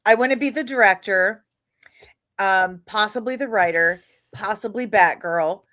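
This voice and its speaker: A woman hosting a podcast, chatting in a quick, excitable way and laughing often. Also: medium pitch. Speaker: podcast host. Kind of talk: casual podcast chat.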